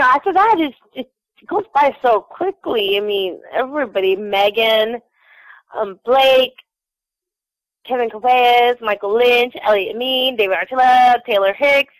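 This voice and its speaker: A woman's voice: fairly high pitch, no echo, poor audio. A young woman from Houston telling a bubbly, giggly fan story, full of fillers. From Houston, Texas. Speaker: fan recounting a trip. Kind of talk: casual chat.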